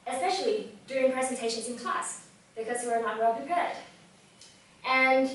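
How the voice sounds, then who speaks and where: A young woman giving a lively talk on public speaking to a live audience, telling a personal story and asking the audience questions. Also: high voice, slight background noise. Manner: lively storytelling, acts out quoted thoughts, asks the audience questions. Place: event room with live audience. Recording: very echoey room, voice from far off mic.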